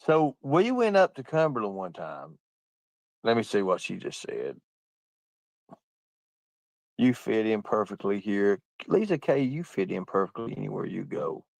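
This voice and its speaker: A man's voice: lowish voice, wildly swooping pitch, normal speed, creaky, no room sound. A man telling profane stories through bursts of laughter while he chats on a livestream and reads out comments. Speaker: livestream host. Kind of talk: casual livestream chat reading comments.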